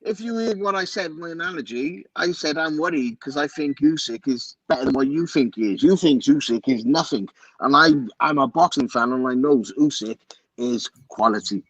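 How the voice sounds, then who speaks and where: A man's voice: on the high side, normal speed, a bit bright, lo-fi sound. A man on a live boxing talk panel who keeps cutting in, joking and arguing his point. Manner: cuts in repeatedly, joking and argumentative. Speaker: regular panelist on a boxing show.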